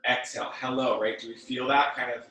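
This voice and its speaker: A man leading a guided workout class, giving calm breath cues with chatty, joking asides. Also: mid-range voice, a little fast. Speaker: fitness and yoga instructor. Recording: very echoey room, mic at a distance.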